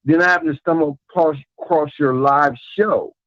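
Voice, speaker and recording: A caller on a live show, this man has a fairly high, slightly bright voice at normal speed, and he rambles earnestly, praising the host and repeating himself. It's a muffled phone-in line with no room sound.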